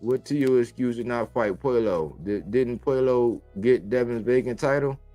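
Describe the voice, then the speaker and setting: A man's voice: mid-range voice, normal speed, dark tone, soft background music. A man hosting a boxing livestream, talking in a casual, profane way full of street slang. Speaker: boxing podcast host.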